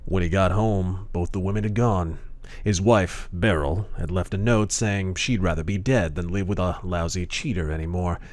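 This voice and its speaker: A man narrating a hard-boiled pulp story in the first person, gruff and deadpan. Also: sits low, normal speed. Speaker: audiobook narrator.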